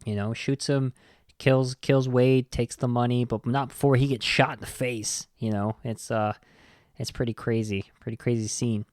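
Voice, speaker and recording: Podcast host man, mid-pitch, retelling movie scenes loosely, lots of likes, dry close sound. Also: steady tone, moderate pace, a little mellow, dry recording. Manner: rambling, loose, full of "like" and "you know". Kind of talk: casual movie recap.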